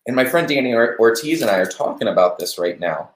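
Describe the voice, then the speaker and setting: A man hosting a live stream, giving a relaxed devotional talk on a verse and chatting to viewers as they comment. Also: mid-range voice, fast talker, roomy sound, slight background noise. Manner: conversational, warm-hearted preaching with asides to viewers.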